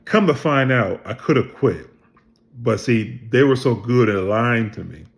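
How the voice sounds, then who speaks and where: Gravelly man telling a casual story. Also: medium pitch, unhurried. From Pennsylvania. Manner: animated storyteller who acts out other people's lines, swears freely. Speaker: vlogger telling his life story.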